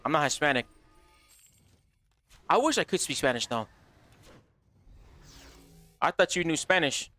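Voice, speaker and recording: A man with a high, bright, forceful voice running a live gaming stream. He talks straight to his chat in a brash, profane, joking way. The sound is dry and close, with no room around it. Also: animated, measured pace, pauses often, no room sound. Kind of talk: casual livestream chatter.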